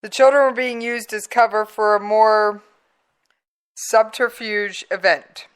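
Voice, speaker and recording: A woman hosting a talk radio show, commenting on played clips in a conversational, emphatic way with drawn-out pauses for effect. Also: a little high, fairly even intonation, clean tone. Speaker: radio host.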